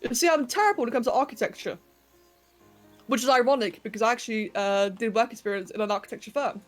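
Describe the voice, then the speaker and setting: A young woman streams a game from her bedroom and chats easily with her viewers. She giggles often and keeps up a running commentary as she builds. Her voice sits a little high, with soft music playing behind. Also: quick pace. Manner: chatty and giggly, chatting to viewers while working. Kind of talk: casual livestream chat while playing a game. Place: home bedroom.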